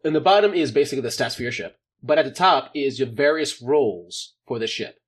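A man's voice: mid-range voice, lively intonation, brisk. A man running a tabletop role-playing game as game master, joking about how his plans went wrong. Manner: jokey, laughing at his own plans going wrong.

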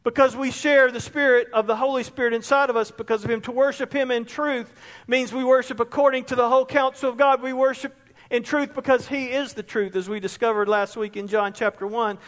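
A pastor giving an impassioned sermon in a church, rising to near shouts at times. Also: male voice, extremely high pitch, steady tone, brisk. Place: church sanctuary. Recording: long reverb of a large hall.

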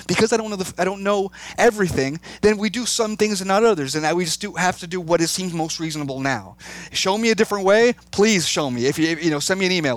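A man, co-author of a book, in a casual discussion, talking earnestly with many restarts. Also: a little high. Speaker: co-author guest.

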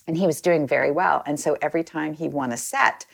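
A woman's voice: sits low, brisk, vocal fry. A woman guest telling a long personal story in a chatty way, with many ums and quoted lines. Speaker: interview guest. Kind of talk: casual storytelling.

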